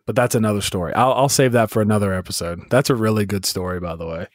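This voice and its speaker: Dry-humored man with a low voice. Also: fast, dry recording. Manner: dry, teasing, laughs along. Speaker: podcast co-host. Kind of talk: casual chat.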